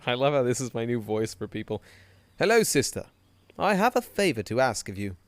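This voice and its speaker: A man's voice: mid-range voice, very animated, a little fast. A man streaming a game live, reading dialogue aloud with wry, playful asides. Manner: wry, playful asides between read lines.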